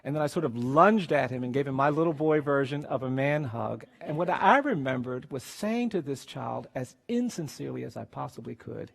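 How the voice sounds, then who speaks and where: A man, a lawyer, telling a personal story in an emotional public speech, earnest and grave, often dropping to a quiet intensity. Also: mid-range voice, moderate pace, creaky, husky.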